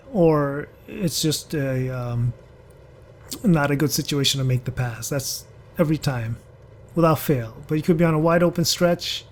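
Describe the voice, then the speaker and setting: A man's voice: on the high side, a little mellow, slight background noise. A man giving rambling, chatty commentary over a driving game, talking to other drivers as he goes. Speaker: gaming channel host. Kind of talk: casual gameplay commentary.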